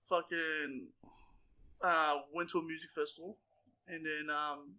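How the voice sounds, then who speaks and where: Speaking unhurriedly, this young man co-hosts a podcast, spinning profanity-laden, crude tales while laughing a lot in a rowdy, casual way. His voice is on the high side, pushed and bright, with a flat delivery.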